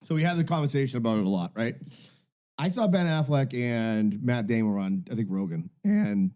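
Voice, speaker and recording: A man's voice: mid-range voice, moderate pace, dark tone. A man co-hosting a podcast, telling rambling, profane stories in casual chat. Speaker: podcast co-host.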